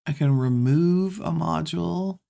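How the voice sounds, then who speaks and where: Unhurried woman streamer with a gravelly edge, thinking aloud through relaxed gameplay commentary. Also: sits low. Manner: musing, talks to herself while playing.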